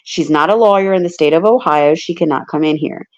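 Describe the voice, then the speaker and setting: A woman's voice: sits low, brisk, voice pushed down. A woman voicing a curt, stern female judge who repeats her orders. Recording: muffled lo-fi audio.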